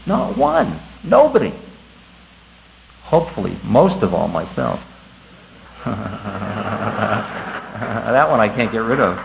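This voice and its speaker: A man giving a conversational spiritual talk to an audience, animated and laughing at himself. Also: on the low side, slow pace, gravelly, long pauses, a little hiss or hum. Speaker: spiritual teacher. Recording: dull lo-fi recording with faint ambience.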